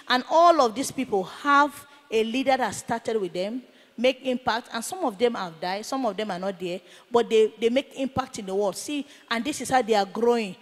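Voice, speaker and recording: Woman minister, high voice, sermon storytelling with acted quotes, long hall reverb. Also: normal speed. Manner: retells a confrontation, voicing each speaker in turn.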